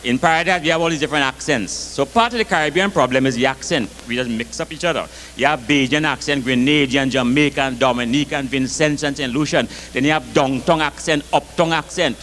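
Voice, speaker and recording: A man doing live comic storytelling with an animated, rhythmic Caribbean delivery. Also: medium pitch, a little fast, hardly any pauses, a little hiss or hum.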